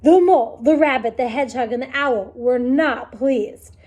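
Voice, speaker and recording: A woman reading a picture book aloud to young children, in an expressive, animated manner with sound effects. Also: high-pitched, normal speed. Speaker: storytime reader.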